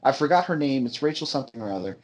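A man's voice: mid-range voice, expressive, rapid-fire, slight background noise. A man co-hosting a podcast, chatting casually and rambling, swearing freely, on a headphone mic that sometimes sounds muffled. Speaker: podcast co-host. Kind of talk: casual chat.

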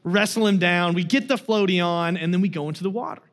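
A man's voice: high-pitched, fast talker, fairly bright tone. A young adult man giving a sermon as a guest preacher, telling a family story in a casual way with many fillers.

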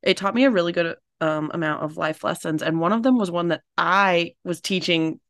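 A young woman co-hosting a podcast in casual chat, upbeat, laughing often and jumping up in pitch. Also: a little fast, fairly bright tone, no room sound, studio quality. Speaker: podcast co-host.

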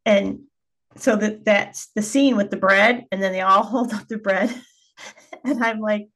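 A woman's voice: mid-range voice, steady tone, a little slow, fairly bright tone. A woman hosting a podcast interview, chatting casually and laughing often between her thoughts. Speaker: podcast host and pastor. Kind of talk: conversational interview.

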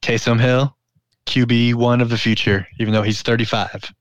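A man's voice: medium pitch, flat delivery, moderate pace, dry recording, dull audio. A man co-hosting a sports podcast, laid-back and teasing, giving short replies. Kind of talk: casual sports banter.

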